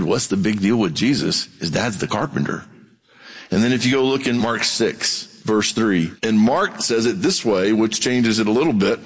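A middle-aged man preaching a sermon in a folksy, animated way, acting out voices as he goes. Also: on the low side, in a large hall. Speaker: pastor.

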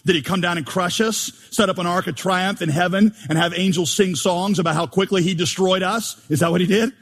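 Male pastor, husky tone, emphatic and wry sermon delivery, big reverberant hall. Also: high-pitched, steady tone, brisk. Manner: emphatic, humorous, mimics prayers. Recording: long reverb of a large hall.

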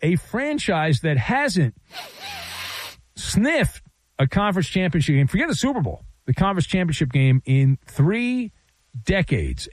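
A man's voice: high-pitched, no room sound. A man hosting a sports talk radio show, riffing in a sarcastic, playful monologue.

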